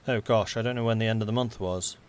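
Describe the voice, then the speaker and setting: A man's voice: on the low side, steady tone, fast talker, darkish tone, slight background noise. Chatty London man playing a strategy game. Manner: chatty, mumbling to himself. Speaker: gameplay streamer. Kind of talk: casual game commentary.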